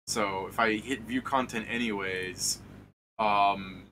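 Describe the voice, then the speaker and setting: A man's voice: fairly low pitch, fairly even intonation, slow pace, background noise. A man hosting a tabletop stream, chatting casually over a voice call and telling rambling stories full of swearing. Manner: rambling, profane storytelling with laughs.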